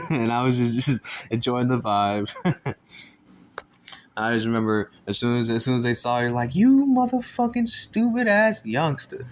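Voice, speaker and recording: A man's voice: mid-range voice, fairly even intonation, normal speed, pauses often, clean tone. A man telling a casual storytime, laid-back and swearing constantly, laughing between lines. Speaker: storyteller vlogger.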